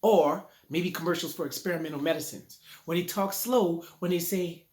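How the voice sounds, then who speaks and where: A man's voice: fairly high pitch, moderate pace, hardly any pauses, a little mellow. Playful man coaching from his living room. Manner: playful, conversational, rhyming catchphrases. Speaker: public speaking coach. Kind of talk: casual video lesson. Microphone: phone in selfie mode.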